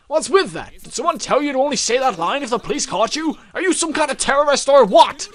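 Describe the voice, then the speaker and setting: A man voicing a brusque, irritable young male police detective, reading game dialogue aloud with loud exasperation. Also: very high-pitched, expressive, fast talker, voice pushed up. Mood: angry. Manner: loud, exasperated, shouting interrogation.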